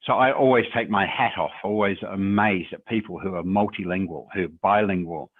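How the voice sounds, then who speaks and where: A man's voice: sits low, fairly quick, husky, dry recording. A man answers questions as a guest on a video call, his tone conversational and encouraging. The audio is narrow and tinny, like a phone line, and completely dry with no room around it. He reflects aloud and tags his points with rhetorical questions. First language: English. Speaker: guest speaker on public speaking. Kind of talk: webinar Q&A advice.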